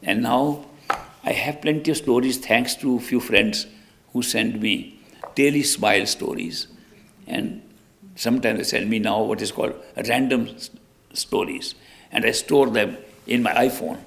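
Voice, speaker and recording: Gravelly, easygoing male teacher, light comic storytelling. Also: mid-range voice, measured pace, a bit bright. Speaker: spiritual teacher. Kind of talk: telling jokes in a talk.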